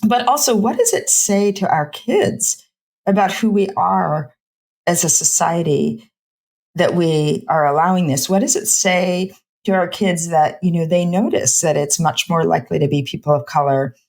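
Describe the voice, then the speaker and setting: Impassioned woman physician, lowish voice. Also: moderate pace, darkish tone. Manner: impassioned, speaks in run-on bursts with many "like" fillers. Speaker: physician and homelessness researcher. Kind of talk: conversational podcast interview.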